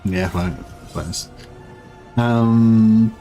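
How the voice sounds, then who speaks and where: Speaking extremely slowly in a low, dark voice, an Australian man chats on his game livestream as soft music plays in the background. He rambles, swears a lot, and often lets his thoughts trail away.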